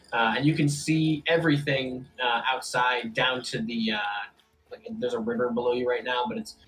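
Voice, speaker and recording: A man running a tabletop game as game master, narrating casually with many pauses and fillers. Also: medium pitch, a bit bright, poor audio.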